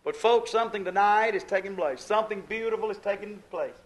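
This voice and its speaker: A man preaching a sermon, folksy and exuberant, swinging from hushed asides to shouted praise. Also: sits high, fairly quick, low-quality recording. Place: church service.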